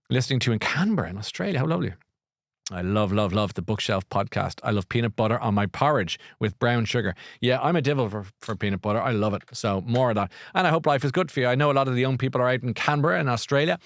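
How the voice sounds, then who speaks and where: A man's voice: lowish voice, no room sound. Irish guy hosting a live chat, rambly, laughs a lot, dead dry sound. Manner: rambling, chatty, quick to laugh. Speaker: podcast host.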